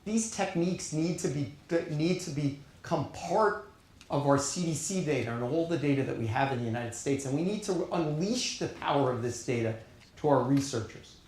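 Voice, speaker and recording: A middle-aged man with a New York accent giving an earnest, emphatic keynote speech at a conference, pausing deliberately for weight. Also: on the high side, a little mellow. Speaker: keynote speaker. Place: conference hall on stage. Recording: echoey conference hall.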